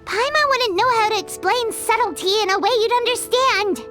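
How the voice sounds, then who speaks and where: A woman's voice: extremely high pitch, normal speed, sharp tone. A woman voicing a tiny, cheeky companion creature who talks about herself in the third person, with game music underneath. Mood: teasing. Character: tiny floating female companion, cheeky and blunt. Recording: game soundtrack playing under voice.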